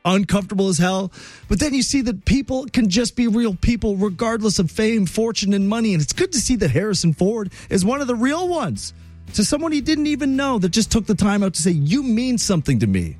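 A man's voice: high-pitched, big pitch swings, fairly quick, darkish tone, soft background music. A man hosting a talk radio show, telling a story in a chatty, emphatic monologue.

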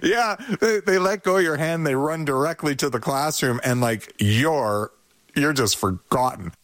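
With a fairly high pitch and a little hiss or hum on the recording, this male guest expert offers relaxed, conversational parenting advice. He livens it up by quickly voicing anxious parents and kids.

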